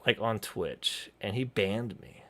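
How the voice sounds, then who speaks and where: A man's voice: lowish voice, slow, pushed and bright. A man streamer giving casual, profane commentary on a video, rambling with frequent restarts and asides.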